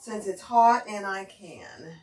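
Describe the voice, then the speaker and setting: In her home sewing room, a woman hosts a live sewing stream, chatting casually while she works and greeting viewers by name. Her voice is medium-pitched and darkish, and she takes things slowly.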